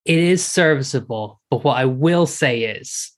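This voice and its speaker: A man's voice: medium pitch, expressive, a little slow. A man from Ireland with an Irish accent, talking casually about films in a rambling way, often restarting his sentences. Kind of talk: casual film discussion.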